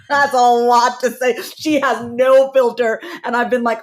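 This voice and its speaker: A woman guesting on a podcast, speaking candidly and self-reflectively, quick to laugh, in casual conversation. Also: fairly high pitch, fairly even intonation.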